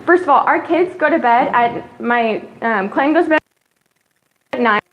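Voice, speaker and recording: A woman's voice: high-pitched, moderate pace, highs cut off, a little hiss or hum. A young woman in casual chat, talking about her family with gushing enthusiasm and acting out what her children say. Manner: gushing and animated, acts out quotes of her kids. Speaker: guest sharing her family story.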